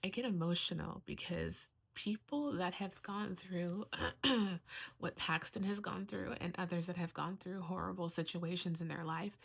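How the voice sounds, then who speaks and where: A woman's voice: fairly low pitch, gravelly. A middle-aged woman, a homeschooling mother, talking in a heartfelt, earnest way in a casual vlog, close to tears at times.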